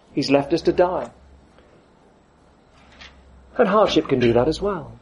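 Guy giving a sermon, kinda high voice, acts out the quotes. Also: animated, a little slow, long pauses, husky, dull audio. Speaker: preacher.

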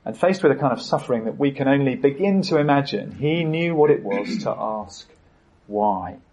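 A man's voice: medium pitch, animated, moderate pace, darkish tone, slight background noise, rough recording. A man, a church pastor preaching an earnest sermon with frequent hesitations and fillers.

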